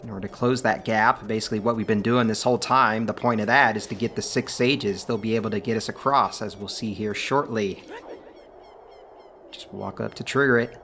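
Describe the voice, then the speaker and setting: Man, let's play host, lowish voice, casual gameplay commentary, relaxed, chatty, filler words. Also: a little fast, a little hiss or hum.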